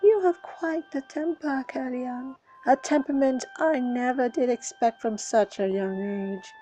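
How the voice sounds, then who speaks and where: A woman's voice: high-pitched, a little slow, dark tone, faint music behind. A woman voicing a mocking, sarcastic ghost child in a storybook reading. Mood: taunting. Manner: sarcastic, taunting.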